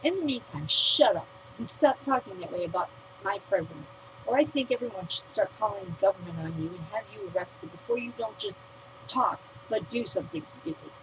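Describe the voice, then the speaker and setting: A woman's voice: medium pitch, animated, fairly quick, background noise. An American woman vlogger reading her own written rant aloud, blunt, profane and outspoken.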